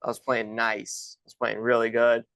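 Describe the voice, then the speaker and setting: Relaxed guest in his thirties, rambling anecdotes, mid-pitched, dry sound. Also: normal speed, no echo, rough recording. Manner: chatty, loose, many restarts and "like". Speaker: guest, golf instructor and former pro golfer. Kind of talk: casual storytelling.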